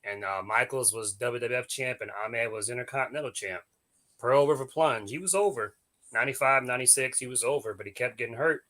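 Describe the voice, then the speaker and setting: A man's voice: medium pitch, a little fast. A man co-hosting a casual chat show, telling stories with slang and laughing often. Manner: animated storyteller, laughs often; coarse slang. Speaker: podcast co-host.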